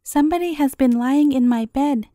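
A woman's voice: high-pitched, normal speed, warm tone, no echo, close to an everyday voice. A woman reading the lines of a little wee baby bear from a fairy tale, close to her own storytelling voice. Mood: upset.

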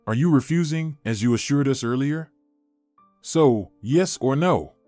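Male narrator voicing greedy, cold young sister; mocking; dry, soft music bed. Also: mid-range voice, expressive, measured pace, dry recording, lightly acted. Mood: scornful. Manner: cold and mocking, read plainly. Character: scornful young woman, greedy domineering sister.

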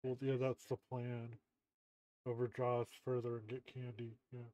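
A man's voice: mid-range voice, monotone, normal speed, warm tone, dry recording. A man chatting casually on a game stream, his voice stuffy and muffled through a costume mask, joking, chuckling often and swearing freely. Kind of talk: casual live-stream chat. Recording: dull muffled lo-fi audio.

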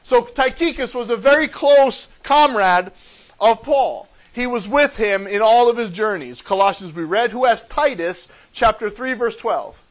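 A man preaching a sermon in a church, animated and joking as he teaches from scripture. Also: very high-pitched, a little slow, rough recording. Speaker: pastor. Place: church sanctuary.

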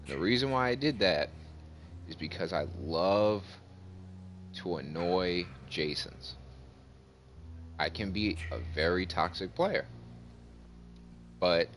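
A man hosting his gaming channel, casually telling a story over gameplay, getting animated as the story builds. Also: low voice, a little hiss or hum. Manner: animated storyteller, voice jumps up when retelling. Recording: faint music behind.

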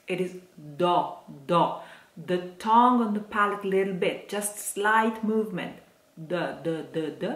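A woman's voice: mid-range voice, measured pace. A woman teaching diction to singers, speaking carefully and demonstrating each word aloud. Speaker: singing teacher. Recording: echoey room.

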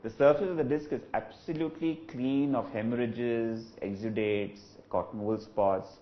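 A man, an eye doctor, giving a clinical webinar lecture in a measured, explanatory way with frequent "uh" fillers. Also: mid-range voice, fairly even intonation, highs cut off, slight background noise. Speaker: ophthalmologist lecturer.

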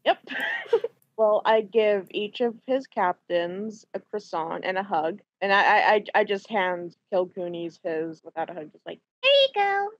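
A woman playing a tabletop game, excitable and apologetic in a casual chat. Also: mid-range voice, moderate pace, hardly any pauses, dry recording, muffled recording. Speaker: player.

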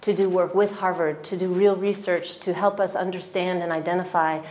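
A woman's voice: on the low side, level tone, moderate pace, a little mellow. A woman giving an emotional personal testimonial at a retreat, telling her story with many restarts and quoted voices. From United States.

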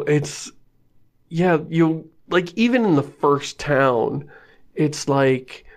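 A man co-hosting a casual podcast about video games, talking in an animated way with quick asides. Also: on the high side, gravelly. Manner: animated, quick asides, laughs at his own complaints. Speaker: podcast host.

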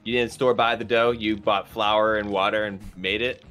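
A man's voice: on the low side, level tone, moderate pace, a bit bright, soft background music. A man in a casual podcast chat, teasing others with probing questions. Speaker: podcast co-host.

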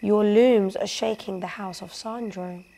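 A woman's voice: medium pitch, steady tone, unhurried, vocal fry, dark tone. Woman reading as a clever practical boy. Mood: earnest. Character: clever helpful young boy.

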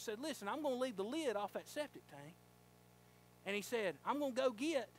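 A male pastor preaching a sermon in a church, telling a folksy story and rising to fervent shouting. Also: high-pitched, slight background noise. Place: church sanctuary.

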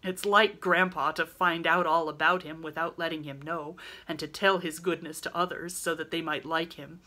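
A woman reading aloud, voicing an excitable, impatient teenage boy who talks in emphatic outbursts. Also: deep voice, normal speed. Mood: indignant.

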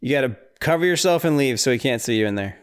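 A man's voice: mid-range voice, expressive, fast, smooth. A man hosting a podcast, casually recapping a horror film scene by scene, rambling and incredulous, often laughing. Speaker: podcast host.

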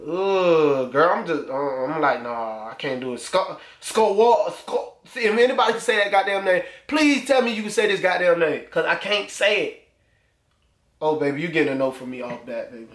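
A young man's voice, a little high and fairly bright, carries crude, teasing, loose reaction commentary on his own YouTube channel, recorded in an echoey room.

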